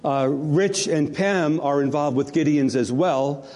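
A man's voice: on the high side, measured pace, darkish tone. A man leading church announcements as pastor, chatty and joking with the congregation. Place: church sanctuary. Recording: long hall reverb.

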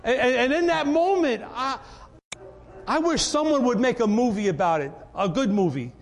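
A male pastor delivers an animated, conversational sermon and often stumbles over repeated words. His voice sits high for a man. It rings out in a church hall with a long reverb. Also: moderate pace.

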